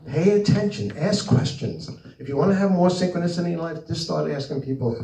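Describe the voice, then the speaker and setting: A man's voice: a little high, expressive, brisk, gravelly, warm tone. A man from New Jersey giving an informal spiritual talk to a live audience, rambling and acting out bits of dialogue as he tells stories. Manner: storytelling, rambling, acts out dialogue. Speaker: speaker presenting his book. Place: meeting room with audience. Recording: roomy echo, mic at a distance.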